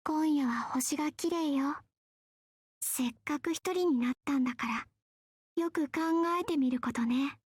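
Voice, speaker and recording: A woman's voice: sits high, brisk, no echo, natural voice. A woman voicing a small, aloof young girl in a visual novel game, cool, composed and a little teasing.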